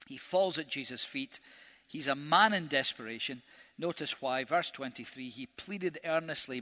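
A man's voice: a little high, animated, normal speed, sharp tone. A man giving an earnest, vivid Bible talk as a preacher, telling the story with emphasis. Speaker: preacher teaching a Bible course. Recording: long reverb of a large hall.

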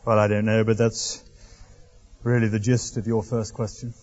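A man's voice: lowish voice, little pitch movement, normal speed, darkish tone. A man preaching a sermon, telling the story in a wry, conversational way. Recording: dull lo-fi recording in echoey hall.

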